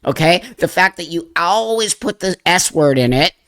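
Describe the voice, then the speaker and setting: A man's voice: on the high side, expressive, moderate pace. Impassioned man addressing viewers. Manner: emphatic, repeats points, addresses viewers directly; emotional, voice softens and drops. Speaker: channel host. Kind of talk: impassioned commentary to camera.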